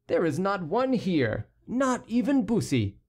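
A man's voice: sits high, big pitch swings, unhurried, darkish tone, pitched above the performer's own voice, heavily acted. A man voicing a sneering young male courtier with ironic, needling speech.

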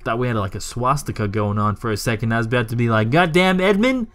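A young man commentating his own game play, joking, swearing and talking back to the game, his voice jumping high when he gets irritated. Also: fast talker. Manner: excitable, swings into high yelps when irritated; jokey, swears, talks to the game. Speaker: gaming YouTuber.

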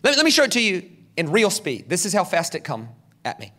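A man from South Carolina, a guest preacher telling stories in an animated, dramatic sermon at a church service. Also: high-pitched, a little fast, very noisy. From South Carolina, USA. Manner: animated, dramatic, acts out quotes. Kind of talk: storytelling sermon. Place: church service, large hall.

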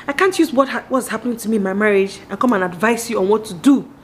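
A woman in her thirties with a Nigerian accent, giving a candid, animated monologue on marriage straight to her viewers and acting out the voices she quotes. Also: medium pitch, fast talker, a little hiss or hum. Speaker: vlogger.

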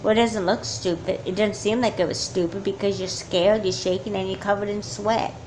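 A woman's voice: mid-range voice, fairly even intonation, fairly quick, darkish tone, a little hiss or hum, lightly acted, rough recording. Woman doing a reassuring, caring sister. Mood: concerned. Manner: soothing, reassuring.

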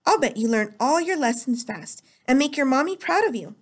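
A woman's voice: high-pitched, expressive, moderate pace. A woman putting on a sing-song, eerily cheerful teacher. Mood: falsely cheerful. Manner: sing-song, overly hearty.

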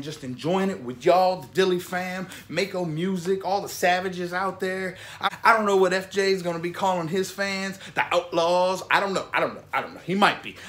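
Male vlog host from Florida, high-pitched, excitable and rambling, full of "man" and "you know". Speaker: music reaction vlog host. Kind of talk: casual enthusiastic commentary.

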